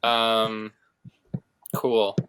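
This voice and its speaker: A man's voice: on the low side, completely flat delivery, very slow, a bit bright, clear, resonant tone. A young man co-hosting a casual podcast, telling a rambling story full of fillers. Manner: rambling, heavy use of "like". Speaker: podcast co-host.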